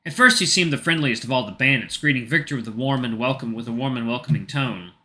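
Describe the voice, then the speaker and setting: A man's voice: medium pitch, fast talker, sharp tone. A man reading a story aloud for a video, casual and self-correcting, with asides. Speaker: narrator and uploader.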